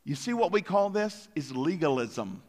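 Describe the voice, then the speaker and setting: High-voiced pastor preaching in a reverberant hall. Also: male voice, moderate pace. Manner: animated, acts out voices of characters. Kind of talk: sermon.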